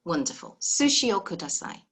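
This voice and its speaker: A woman's voice: medium pitch, very animated, fairly quick, a bit bright, husky. A woman teaching a live beginner language lesson over a video call, patient and encouraging, explaining step by step.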